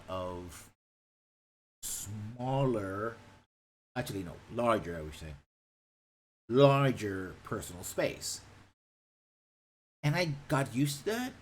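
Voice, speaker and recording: A man's voice: lowish voice, slight background noise, poor audio. A man from Puerto Rico chatting casually on a live stream, rambling and swearing freely. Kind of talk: casual chat.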